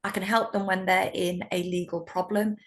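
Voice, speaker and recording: A middle-aged woman with a British accent, a solicitor telling stories in an interview, animated and laughing often. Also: lowish voice, moderate pace. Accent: British English. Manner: warm, animated storytelling with laughs. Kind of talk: conversational interview.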